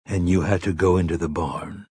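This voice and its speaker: A man voicing a stern, weathered gunslinger who asks slow, quiet questions in a low, gruff tone. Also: steady tone, no echo, clean studio sound. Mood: grave. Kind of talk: audiobook character voice.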